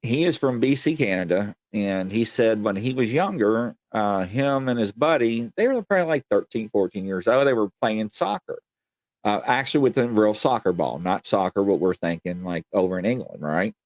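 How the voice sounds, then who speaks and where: A man hosting a live show, telling a strange tale in a casual, animated way with lots of fillers and acted-out voices. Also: fairly low pitch, normal speed. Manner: animated storyteller, acts out quoted voices, many fillers. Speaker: show host. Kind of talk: casual live-stream storytelling.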